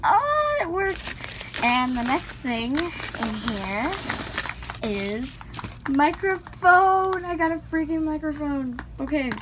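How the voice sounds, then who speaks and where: A woman vlogging casually from home as she unboxes things, excitable and exclaiming as she talks to the camera. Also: high voice, takes it slowly, noisy background. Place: at home indoors, a cat nearby.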